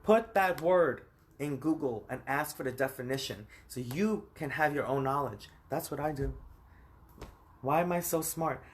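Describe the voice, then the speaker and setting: Speaking at a measured pace in a voice on the high side, a man in his thirties from the US records a personal vlog on his phone. His style is rambling and emphatic, and he speaks right to the viewer.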